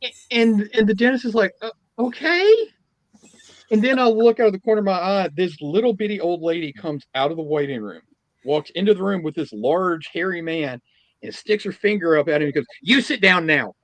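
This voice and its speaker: A man co-hosting a podcast, telling a funny anecdote in a casual, lively way. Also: high voice, fairly quick, no echo, muffled recording. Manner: animated anecdote-teller, chuckling through his story. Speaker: podcast co-host. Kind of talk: casual chat, storytelling.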